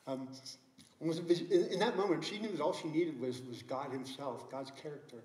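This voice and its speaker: A man's voice: fairly high pitch, normal speed, darkish tone, reverberant, a little hiss or hum, rough recording. A middle-aged man preaching a sermon as pastor, telling a story earnestly with many restarts. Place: church sanctuary.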